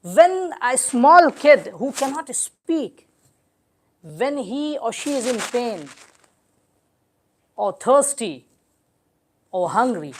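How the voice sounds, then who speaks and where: A man giving an emotional mourning sermon, moving from hushed, drawn-out phrases to raised, shouted lines. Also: very high-pitched, big pitch swings. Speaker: religious lecturer.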